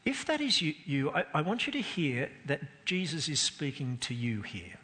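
A man's voice: on the high side, wildly swooping pitch, normal speed, bright, forceful tone. A man preaching a sermon, earnest and emphatic, his voice climbing and dropping to stress points. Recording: long hall reverb.

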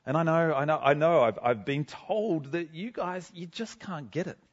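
A man's voice: fairly high pitch, normal speed, muffled recording, close to an everyday voice. A man giving a first-person sermon in character as a cheerful, chatty apostle, talking to a congregation in a school gym. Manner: chatty, self-deprecating, bubbly. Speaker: guest speaker.

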